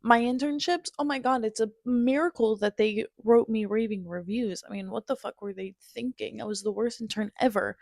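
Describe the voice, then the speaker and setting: Young woman podcast host, higher voice with fry, candid, profane, self-deprecating storyteller. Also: moderate pace, hardly any pauses, a little mellow, dry recording, studio quality. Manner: blunt, swears freely, self-mocking; shifts between wry humor and raw emotion.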